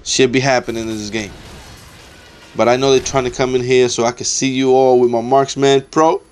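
A man's voice: medium pitch, little pitch movement, normal speed, darkish tone, clear, resonant tone. A young man giving casual, trash-talking commentary over his own gameplay, swearing often and getting exasperated.

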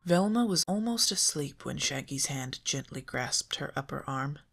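An audiobook reader narrating a fan fiction story in a calm, measured way. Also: medium pitch, vocal fry.

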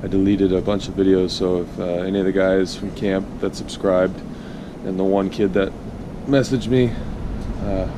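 A young man vlogging a road trip in a car, joking and yelling playfully. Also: sits low, normal speed, noisy background. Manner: joking, excitable, yells playfully. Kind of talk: casual vlog chat.

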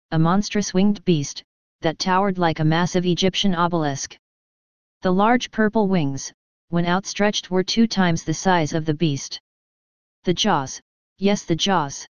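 A woman narrates a scripted horror tale in a measured way, her voice a little low and very clear. The recording is dry, with no room at all, and dull and lo-fi in tone. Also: dry recording. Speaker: story narrator.

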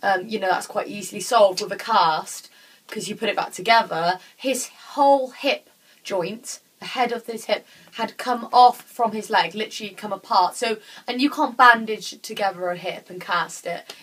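A woman's voice: mid-range voice, moderate pace, a bit bright, breathy edge, low-quality recording. A young woman vlogger and student, talking earnestly in a rambling, heartfelt way. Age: young adult. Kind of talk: casual chat.

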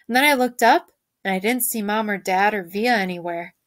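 A woman's voice: mid-range voice, brisk, no room sound. Woman reading a novel aloud. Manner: lively, shifts voices for characters. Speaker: teacher reading to a class.

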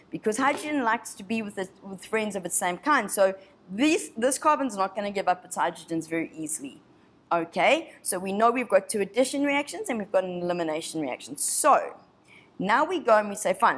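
A woman teacher from South Africa giving an exam revision lesson, chatty and encouraging, thinking aloud through each step. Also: medium pitch. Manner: puts on a snobby voice for a molecule.

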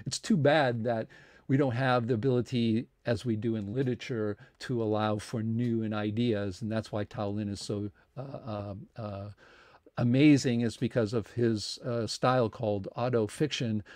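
A man's voice: medium pitch, fairly even intonation, moderate pace, darkish tone, no echo, studio quality. A man hosting a science talk series, making casual, rambling announcements with many fillers and restarts and earnest appeals for support.

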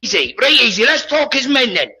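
A man's voice: extremely high pitch, sing-song, brisk, crowd noise, low-quality recording. A Scottish man on a heated group call, insistent and accusing. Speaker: live stream participant.

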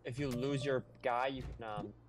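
Laid-back young guy mid-pitch voice, chatting over a game, bit of faint hum behind. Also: steady tone. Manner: easygoing, halting, lots of ums and likes. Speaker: co-op gaming partner. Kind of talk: casual let's play chat.

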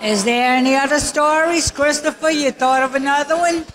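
A woman, a niece, sharing memories at a family memorial in a slow, halting way with many fillers. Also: high-pitched, noisy background. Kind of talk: casual memorial speech.

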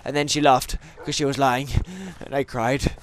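A man's voice: mid-range voice, flat delivery, moderate pace, slight background noise. A man playing a video game and chatting to viewers, joking and going off on tangents as he plays. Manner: rambling, jokey, goes off on tangents; talks to viewers and animals in game. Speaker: gaming channel host. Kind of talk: Minecraft let's play commentary.

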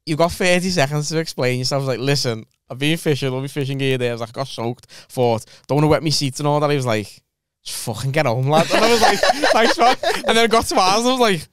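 Fast-talking high-voiced Liverpool man. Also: animated, a bit bright, clear, resonant tone, dry recording, studio quality. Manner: rapid, laughing storyteller, swears freely. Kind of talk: casual comedy chat.

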